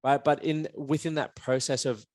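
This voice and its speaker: Frank podcast host, dry sound. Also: male voice, on the high side, steady tone, moderate pace, darkish tone, dry recording. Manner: frank, swearing, conversational. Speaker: podcast host, men's performance coach. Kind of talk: casual podcast chat.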